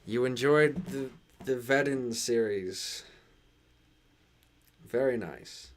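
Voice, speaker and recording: A man's voice: mid-range voice, a little hiss or hum. Chatty man streaming live, transatlantic accent. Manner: halting, many restarts and fillers while reading chat. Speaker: channel host reading live chat. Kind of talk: casual live-stream chat.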